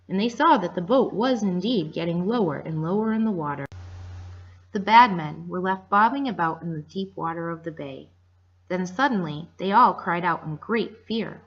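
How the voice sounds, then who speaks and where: A woman reading a children's story aloud to listeners in a gentle storytelling manner, in a dull lo-fi recording. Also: lowish voice, animated, normal speed, breathy edge.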